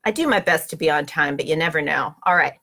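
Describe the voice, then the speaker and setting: A woman's voice: sits low, fast talker, creaky, sharp tone. A woman hosting a spiritual motivational talk, speaking earnestly and straight to her listeners, repeating affirmations. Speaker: inspirational host.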